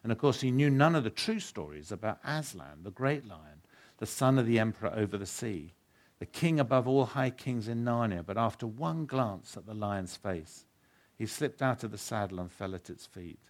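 A man, a pastor, giving a sermon that includes an earnest, measured reading of a story. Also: lowish voice, expressive. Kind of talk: sermon with a read-aloud story.

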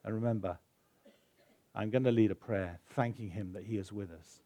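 A man's voice: on the low side, moderate pace, warm tone, dry recording. A man preaching a sermon, telling a story with feeling and building to an urgent call to faith before leading a prayer. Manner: storytelling, building to emotional exhortation. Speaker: pastor.

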